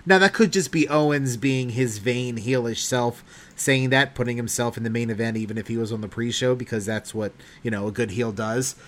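A man's voice: medium pitch, brisk, fairly bright tone. Easygoing podcast guy musing aloud. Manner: thoughtful, hedging, laughs often. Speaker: podcast co-host. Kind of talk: casual chat.

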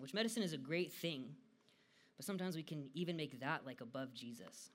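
A man's voice: fairly high pitch, fast talker, fairly bright tone. A young American man giving a casual devotional talk, chatty and full of fillers. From United States. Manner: casual and chatty, frequent "like" fillers, laughs often.

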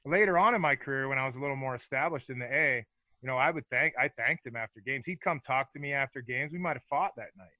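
A fast-talking middle-aged man with a mid-range voice, once a hockey fighter, laughs as he tells rambling, profane stories as a podcast guest. The casual storytelling interview sounds dull, dry, and lo-fi, with no room sound.

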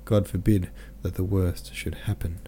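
A man reading a classic novel aloud as an audiobook narrator, in a measured, even storytelling manner. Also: low voice, husky. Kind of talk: scripted literary narration.

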